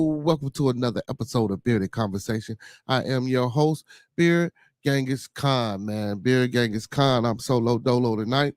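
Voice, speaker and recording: A man with a Chicago accent hosting a solo podcast in a relaxed, chatty way, repeating shout-outs and leaning on fillers. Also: mid-range voice, moderate pace, no echo, soft background music. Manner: laid-back, repetitive shout-outs and fillers. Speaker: podcast host. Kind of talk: casual solo podcast chat.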